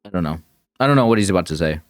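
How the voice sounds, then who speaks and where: A man's voice: low voice, lively intonation, racing, dry recording, clean studio sound. A man thinking aloud as he reacts to a puzzle video, rambling and correcting himself as he goes. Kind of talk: casual thinking-aloud commentary.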